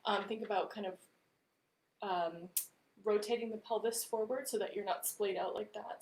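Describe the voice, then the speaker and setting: A woman vocal coach leading a live-streamed warm-up with gentle, encouraging instructions. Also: medium pitch, steady tone, moderate pace, echoey room, slight background noise, low-quality recording.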